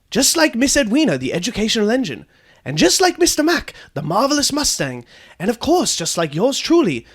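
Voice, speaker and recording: A man's voice: high voice, fairly bright tone, slightly rough, exaggerated voice. A man voicing a blind, foul-mouthed female bus tour guide in a comedic storytelling podcast. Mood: chirpy, guiding. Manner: swings from chirpy guide patter to furious swearing.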